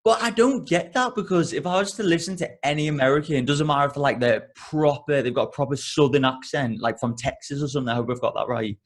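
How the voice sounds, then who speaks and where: A man's voice: a little high, fast talker, hardly any pauses. Laid-back young English man, laughs easily. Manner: laid-back, laughs often, swears casually. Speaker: podcast co-host. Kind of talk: casual podcast chat.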